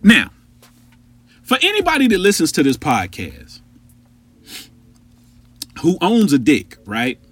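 Husky, lively male podcast storyteller. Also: a little high, slow pace, long pauses, no room sound. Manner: animated, profane, addresses listeners directly. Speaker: podcast host.

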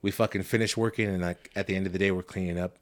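A man's voice: low voice, fairly even intonation, very fast. Profane young man telling a story. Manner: profane, storytelling, prone to laughing fits. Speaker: podcast host. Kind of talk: casual chat.

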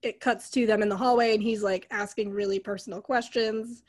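A woman's voice: mid-range voice, a little fast. A young woman co-hosting a casual podcast, critically retelling a movie's scenes. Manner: chatty, critical, animated retelling. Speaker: podcast co-host. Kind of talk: casual movie recap chat.

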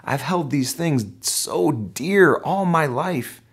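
A preacher acting out proud, indignant Saul. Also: male voice, a little high, animated, slow, slightly rough, pitched above the performer's own voice, heavily acted. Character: Saul, a proud zealous man defending his record.

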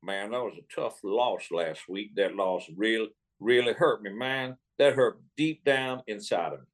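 A man doing an impression of a gruff, street-talking middle-aged football coach in a low, growly voice. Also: measured pace, lightly acted. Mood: emphatic.

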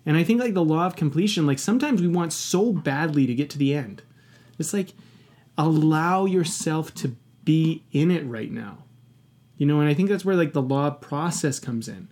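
A man's voice: fairly high pitch, expressive, normal speed, a little mellow. A man talking candidly in a podcast conversation, passionate and emphatic, swearing often and reflecting earnestly on his own past.

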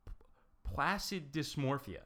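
A man casually hosting a guessing game with a friend, reading clues slowly, stumbling over words and giggling. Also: a little high, bright, forceful tone. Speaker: quiz host of a guessing game. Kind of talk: casual chat.

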